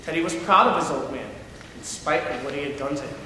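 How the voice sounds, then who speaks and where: A young man giving a dramatic first-person story reading, reflective and measured, performed live in a large hall. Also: on the high side, pushed and bright, slight background noise. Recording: echoey hall from far off.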